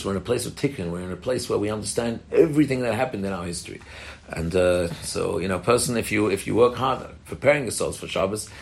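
Brief: fast-talking middle-aged rabbi with a gravelly voice, earnest and repetitive. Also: male voice, fairly low pitch. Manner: earnest, repeats and restarts phrases, explains plainly. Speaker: rabbi giving a talk to women. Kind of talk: Torah talk with audience questions.

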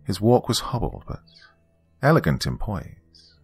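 A man narrating a scripted first-person horror story in a measured, descriptive way. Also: fairly low pitch, sing-song, a little mellow, breathy edge, soft background music.

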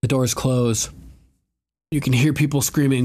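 A man hosting a podcast, recapping a TV episode in casual chat, animated, laughing often and swearing freely. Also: mid-range voice, measured pace, long pauses. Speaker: podcast host.

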